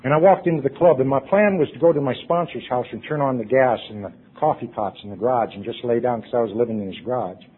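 A man telling his recovery story to a meeting, earnest, his voice dropping hushed at emotional points. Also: medium pitch, quick pace, hardly any pauses, breathy edge. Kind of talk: personal recovery talk. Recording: tinny phone-like recording.

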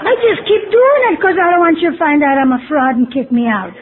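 A woman with a high voice shares her recovery story at a meeting, candid and wry, poking fun at herself. The sound is thin and phone-like, with a faint hiss underneath. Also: very animated, a little fast, a crowd in the background. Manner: candid, self-mocking storytelling with wry humor.

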